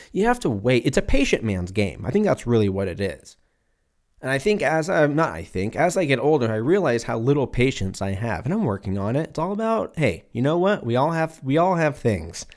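A man in his twenties riffs alone on his podcast with a mid-pitched voice. He rambles, swears freely and laughs at his own slips, talking straight into a mic at his computer. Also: darkish tone. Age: 20s. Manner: rambling, profane, self-mocking with frequent laughs. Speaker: podcast host. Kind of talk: casual solo podcast rant.

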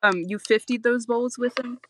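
A woman's voice: a little high, steady tone, fairly bright tone, no echo. Joking young woman on a podcast. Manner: quick joking reactions and questions. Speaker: podcast co-host. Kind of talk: casual chat.

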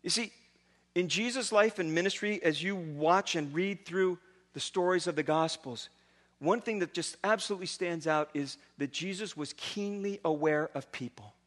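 Male pastor, animated sermon delivery, high and bright tone. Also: normal speed. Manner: animated storytelling with casual asides.

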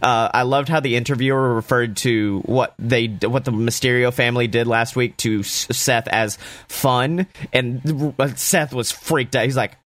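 A man recapping a wrestling show in a casual, enthusiastic way, swearing freely and throwing in quick asides. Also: mid-range voice, fairly even intonation, fairly bright tone, no echo.

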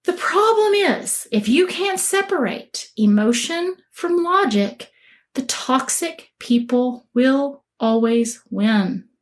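Earnest woman giving advice, slightly high voice. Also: lively intonation, takes it slowly. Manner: earnest, emphatic, acts out quoted voices. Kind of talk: motivational talk to camera.

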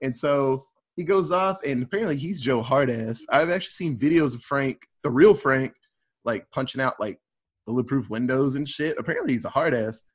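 A man's voice: medium pitch, moderate pace. Loose-talking man recapping a movie. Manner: loose, profane, rambling with many fillers. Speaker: podcast host. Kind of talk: casual movie discussion.

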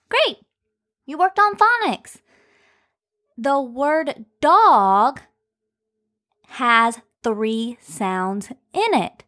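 Slow, sing-song woman teaching children. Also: a little high, very animated, a bit bright. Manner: slow, stretched-out phonics sounds. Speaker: children's podcast host and teacher.

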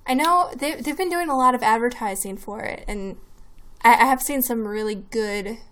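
A woman co-hosting a podcast, giving her opinions in relaxed, thoughtful casual chat. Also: fairly high pitch, moderate pace. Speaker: podcast co-host.

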